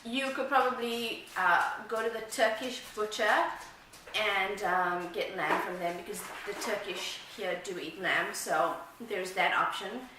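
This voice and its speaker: A woman's voice: medium pitch, measured pace, noisy background. Chatty South African woman, echoey room. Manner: rambling, chatty, laughs at herself. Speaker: vlogger. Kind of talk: casual chat to camera. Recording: very echoey room, mic far off.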